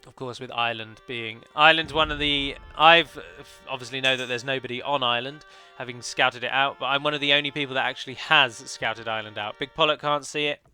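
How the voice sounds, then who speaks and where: A man's voice: mid-range voice, fairly even intonation, a little fast, hardly any pauses, sharp tone, faint music behind. A man commentating on his own multiplayer strategy match, chatty and analytical, often correcting himself mid-sentence. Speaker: let's play commentator. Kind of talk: game commentary.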